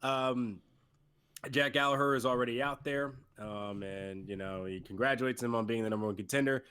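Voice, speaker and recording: A man in a middle pitch recapping a wrestling show for a co-host. He talks loosely and swears. He acts out wrestlers' lines for laughs. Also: normal speed, fairly bright tone, smooth. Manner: recaps events, mimics wrestlers jokingly, swears. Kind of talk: casual podcast chat.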